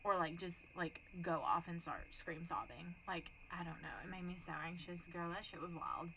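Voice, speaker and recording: Bright, animated woman. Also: lowish voice, moderate pace, slight background noise, rough recording. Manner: animated, profane, acts out voices in her story. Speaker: podcast co-host. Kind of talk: casual chat, storytelling.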